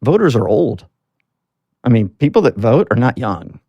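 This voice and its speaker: A man's voice: medium pitch, big pitch swings, moderate pace, creaky, breathy edge, no room sound, highs cut off. A man from Alabama, a political marketing guest, telling stories earnestly in a casual interview with plenty of fillers. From Alabama, US South. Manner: earnest storytelling with frequent fillers.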